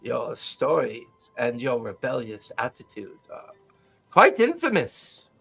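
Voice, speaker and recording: A man voicing a gentle elderly male mystic who speaks courteously and unhurriedly, with a faint teasing edge. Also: mid-range voice, very animated, takes it slowly, vocal fry, breathy edge, faint music behind, voice pushed down, full character voice. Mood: gracious.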